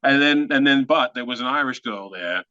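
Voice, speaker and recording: Man, Australian accent, animated storyteller, self-mocking, bright, dry slightly dull recording. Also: mid-range voice, normal speed, no echo. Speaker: guest actor. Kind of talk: anecdotal storytelling in conversation.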